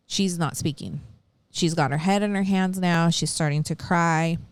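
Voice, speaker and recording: A podcast co-host with a fairly low, resonant voice casually recounts a true-crime case, slipping into the voices of people she quotes. She's animated and blunt, swearing casually, at a normal speed. The audio is clear, close, and dry, with no echo or room sound.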